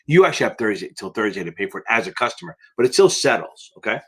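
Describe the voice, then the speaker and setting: A man's voice: mid-range voice, fast, hardly any pauses, husky. A man tutoring for a finance licensing exam on a live question-and-answer stream, talking bluntly and emphatically and swearing for emphasis.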